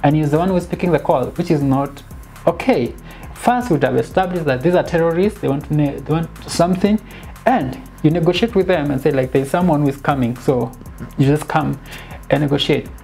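A woman giving a casual, animated film critique, dropping in bits of Swahili slang and sounding exasperated. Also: sits low, a little fast, gravelly, soft background music. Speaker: film reviewer.

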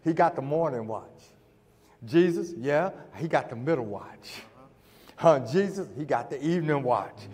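A middle-aged man preaching a sermon, telling a story and acting out the dialogue before building to shouts. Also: fairly high pitch, expressive, a little slow, slightly rough. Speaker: pastor. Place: church sanctuary. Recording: church hall with long reverb.

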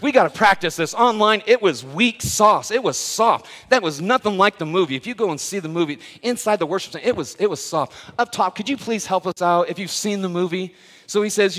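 Animated pastor in a reverberant church. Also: male voice, high-pitched, brisk. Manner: animated, playful storytelling with asides to the congregation. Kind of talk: sermon. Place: church worship center. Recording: long hall reverb.

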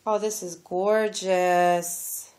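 Gushing woman, unhurried delivery, casual unboxing vlog. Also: lowish voice, steady tone, darkish tone. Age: adult, has a daughter. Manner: gushing, exclaims often. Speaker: crafting vlogger opening a gift.

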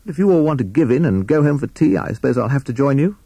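A man voicing a brave, blustering little bird captain in a storybook, in a bluff, commanding, excitable way. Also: mid-range voice, fast, slightly rough, no room sound, voice pushed up. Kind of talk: storybook character voice.

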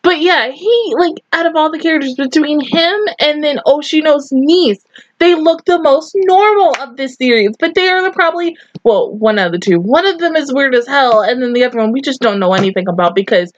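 A woman reacting to and reviewing an anime in casual, expressive chat, swearing and breaking into loud outbursts. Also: high-pitched, fairly quick, dull audio.

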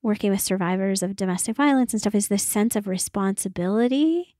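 A woman's voice: medium pitch, expressive, brisk, dark tone, no room sound, studio quality. A woman co-hosting a podcast who answers in a thoughtful, affirming way and searches for her words as she talks. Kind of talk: conversational podcast talk.

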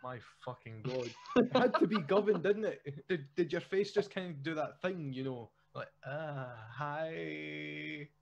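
A man hosting a band podcast, excitable and sweary, joking between questions. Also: a little high, moderate pace, lo-fi sound, slight background noise. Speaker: podcast host, band member. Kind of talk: casual podcast chat.

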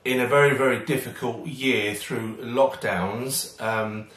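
Husky man hosting a cooking lesson. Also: mid-range voice, fairly even intonation, takes it slowly, a bit bright. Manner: chatty, self-deprecating asides. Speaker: cooking show host. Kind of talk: casual cooking demonstration.

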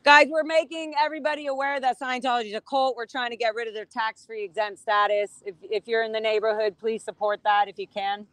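A woman filming herself at a street protest outdoors, calling out loudly and bluntly to the people inside a building, then chatting casually into her phone. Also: on the high side, flat delivery, a little fast, few pauses, no echo. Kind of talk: confrontational shouting at a building mixed with casual chat. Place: outdoors on a city sidewalk.

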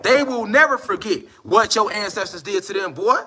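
A man preaches outdoors in the mountains. His talk is casual, profane and slangy, and it keeps climbing into fired-up shouts. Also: sits high, animated, moderate pace, few pauses. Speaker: spiritual commentator.

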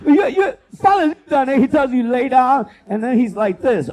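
A man doing a loud, profane stand-up comedy set as host, working the crowd and acting out bits. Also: very high-pitched, normal speed. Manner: loud, profane, animated crowd work with acted-out voices.

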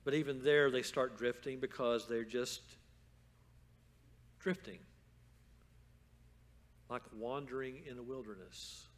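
A man preaching a sermon as pastor in a church, moving from calm storytelling to loud, fervent exhortation. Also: mid-range voice, slow, long pauses. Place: church sanctuary.

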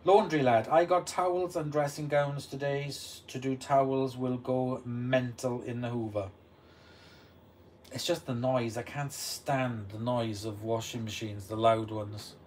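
Male livestream host, unhurried chat, far from the mic, washing machine noise behind. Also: mid-range voice. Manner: reads out viewer comments and answers them. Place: room at home beside a running washing machine. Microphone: distant mic. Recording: distant mic with steady background noise. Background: washing machine running.

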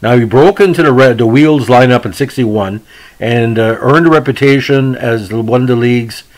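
Casual male podcast host, middle pitch, rambling delivery. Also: moderate pace, poor audio. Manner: rambling, with many fillers and restarts. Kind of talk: casual hockey history podcast.

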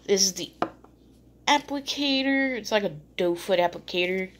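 A woman's voice: medium pitch, expressive, normal speed. A woman chatting casually as she unboxes beauty products, rambling with fillers and restarts, still a little sleepy. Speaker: beauty vlogger.

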